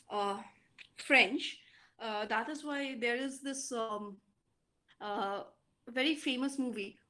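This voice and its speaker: An Indian English woman teaching an online class. She talks slowly and deliberately, with many fillers, in a fairly high voice. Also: a bit bright. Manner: slow, deliberate explaining with frequent fillers. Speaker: lecturer. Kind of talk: online lecture to students.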